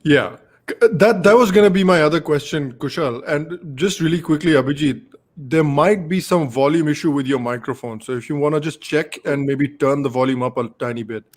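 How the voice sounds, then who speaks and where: A man's voice: on the high side, brisk. A man hosting a podcast in casual panel chat, laughing easily and slipping into Hindi phrases. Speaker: podcast host.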